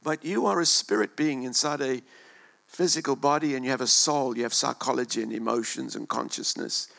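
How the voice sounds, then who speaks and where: A male pastor preaching a sermon in a church, impassioned, swinging between loud and hushed delivery and repeating words as he goes. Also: mid-range voice, fairly even intonation, brisk, gravelly.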